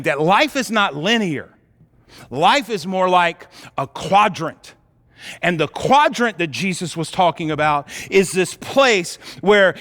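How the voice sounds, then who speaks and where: A man's voice: high-pitched, a bit bright. A man preaching a sermon, retelling a Bible story in a casual, storytelling way and acting out its dialogue. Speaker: pastor. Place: church auditorium. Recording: hall reverb.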